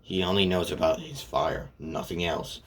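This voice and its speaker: A man voicing a calm, confident young male fighter who gives steady, low-key advice in his own everyday voice. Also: moderate pace, noisy background, natural voice.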